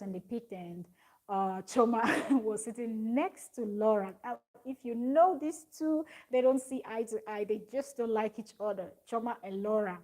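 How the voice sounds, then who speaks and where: A woman's voice: fairly high pitch, normal speed, warm tone. A woman recapping a reality show in a rambling, chatty way, with lots of fillers and restarts. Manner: rambling, many fillers and restarts, reads viewer comments. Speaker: recap vlogger.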